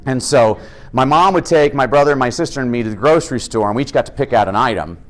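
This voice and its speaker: A middle-aged American man giving an energetic, humorous keynote talk as an education speaker. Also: mid-range voice, quick pace. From United States. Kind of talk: keynote speech.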